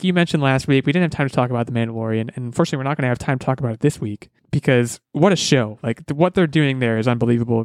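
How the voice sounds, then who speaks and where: A man's voice: mid-range voice, smooth, no echo. A man hosting a casual gaming podcast, talking in an upbeat, rambling way and often correcting himself mid-sentence. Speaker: podcast host.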